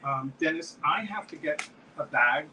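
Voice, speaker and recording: A man's voice: fairly high pitch, expressive, unhurried, far from the mic, crowd noise, poor audio. A man hosting a live-stream jewelry auction, chatting as he describes pieces and calls out bids. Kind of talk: live auction selling chat.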